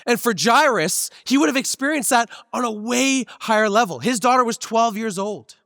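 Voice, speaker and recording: A pastor preaches in a church sanctuary, his fairly high voice a bit bright, expressive, and moderately paced. His easygoing sermon weaves in stories from his own life, heard up close while a long reverb lingers behind him.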